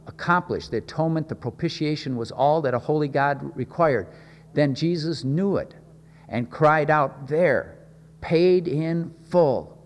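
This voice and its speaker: Man preaching, earnest, halting, repeats words, mid-pitched voice, long hall reverb. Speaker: pastor. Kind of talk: sermon.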